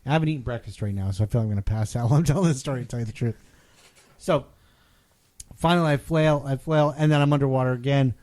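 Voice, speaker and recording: A man co-hosting a podcast, telling a story in a casual, animated way and loudly acting out what people said. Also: mid-range voice, fast talker. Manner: animated, acts out quotes loudly. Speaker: podcast co-host.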